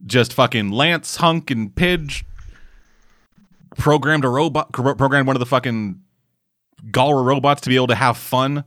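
A man co-hosting a casual podcast, ranting with heavy swearing in an animated way. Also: medium pitch, normal speed, pauses often, no echo, studio quality. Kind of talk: casual chat.

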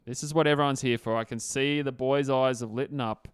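A man's voice: mid-range voice, steady tone, a little fast, clean tone, no echo, clean studio sound. A man co-hosting a casual sports podcast, bantering and joking with his co-host. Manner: jokey, banter-filled.

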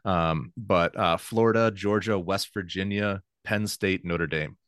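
Deep-voiced man in casual sports chat. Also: fairly even intonation, unhurried, fairly bright tone, dry recording, clean studio sound. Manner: rambling, self-correcting, laughs easily. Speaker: podcast co-host.

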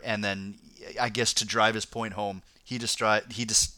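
A man's voice: lowish voice, level tone, normal speed, hardly any pauses, pushed and bright, no echo. A man hosting a casual podcast, chatting about news stories with frequent restarts and laughter. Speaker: podcast host reading news. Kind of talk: casual chat.

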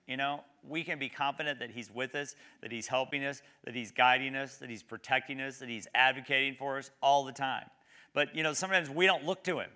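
A man preaching a sermon, reading scripture slowly and emphatically, then talking conversationally and asking the congregation questions. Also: mid-range voice, steady tone, bright, forceful tone. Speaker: pastor.

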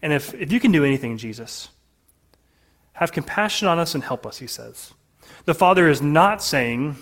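A man preaching a sermon to his congregation in an earnest way, often dropping to a soft, low voice for emphasis. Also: expressive, normal speed. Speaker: pastor.

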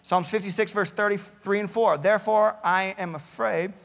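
A man's voice: sits high, steady tone, moderate pace, gravelly, fairly bright tone, big-room sound. A male pastor preaching a sermon, earnestly reading out many Bible verses and often repeating words as he starts a thought. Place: church campus, large hall.

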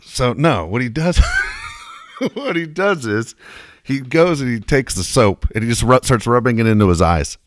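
A man's voice: mid-range voice, normal speed, no room sound, clean studio sound. A middle-aged man co-hosting a casual podcast, telling stories and acting out quotes. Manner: animated storyteller, acts out quotes. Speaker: co-host. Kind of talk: casual storytelling banter.

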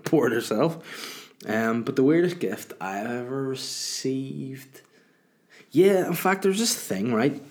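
A man's voice: medium pitch, a little mellow. A young man chatting casually on his solo podcast, telling crude, joking stories and swearing freely. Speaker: podcast host.

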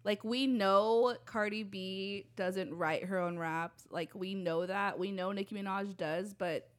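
A woman's voice: mid-range voice, fairly even intonation, measured pace. A young woman co-hosting a casual chat show, talking loosely with lots of fillers and frequent laughter. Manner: chatty, lots of "like", laughs often. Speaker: podcast co-host.

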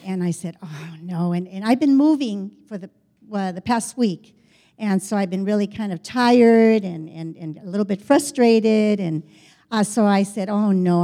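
An older woman telling a personal story in a chatty way, acting out the dialogue as she goes. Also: medium pitch. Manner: chatty, animated, quotes dialogue, frequent restarts.

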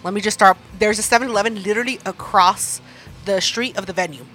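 A woman co-hosting a casual chat, telling a story in a profane, animated way and laughing often. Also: mid-range voice, quick pace, soft background music.

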